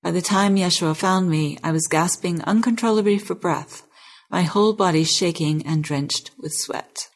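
A woman who hosts the interview, reading a novel excerpt aloud in a measured, expressive way. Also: lowish voice. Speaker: interview host and reader.

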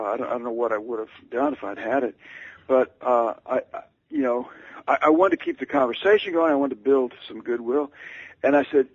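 Man, author on the radio, gravelly and husky, stammering storyteller, dull lo-fi sound. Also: medium pitch, dry recording. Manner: stammering and rambling with many fillers. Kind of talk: anecdotal storytelling.

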